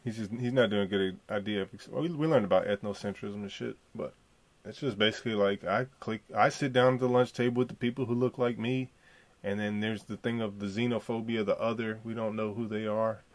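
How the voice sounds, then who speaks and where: A man's voice: on the low side, fairly even intonation, brisk. A man hosting his own podcast solo, talking in a profane, slangy, rambling way. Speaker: podcast host. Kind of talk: solo casual podcast commentary.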